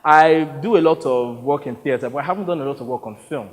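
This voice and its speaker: A man's voice: fairly high pitch, fairly quick, hardly any pauses, big-room sound. A Nigerian man with a Nigerian accent, performing a wry one-man theatre monologue. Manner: wry, storytelling, expressive. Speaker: solo stage performer narrating.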